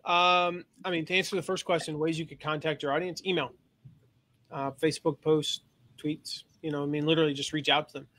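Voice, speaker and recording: A man's voice: fairly high pitch, level tone, a little fast, pushed and bright. A man hosting a casual webinar, rambling with lots of fillers and laughing at himself. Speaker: host.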